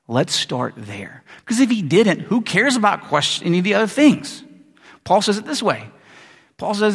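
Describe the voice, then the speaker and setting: A man preaching a sermon as pastor, in an animated, conversational way full of asides. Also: sits high, moderate pace, breathy edge. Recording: long reverb of a large hall.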